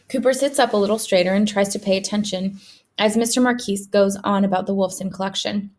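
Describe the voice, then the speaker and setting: A woman teacher reads a children's novel aloud, steady and clear. Her narration is paced for young listeners following along. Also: mid-range voice, fairly quick. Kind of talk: read-aloud storybook narration.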